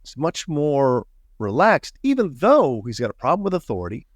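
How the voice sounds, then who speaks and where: Lively-voiced podcast co-host man. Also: on the high side, normal speed, no echo, clean studio sound. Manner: chatty, asks probing questions. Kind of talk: casual film discussion.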